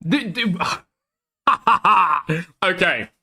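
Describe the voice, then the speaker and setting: A young man with a softened northern English accent, reacting to a video in brash, sweary, animated commentary. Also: on the high side, moderate pace. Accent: Northern English, softened by the South. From Northern England. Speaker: streamer. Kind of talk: casual commentary over a video.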